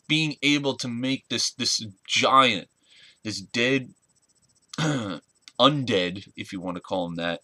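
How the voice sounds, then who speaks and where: A man in his twenties giving an earnest, halting spoken tribute in a casual vlog, often searching for words. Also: mid-range voice, pushed and bright, no echo. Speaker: wrestling fan vlogger.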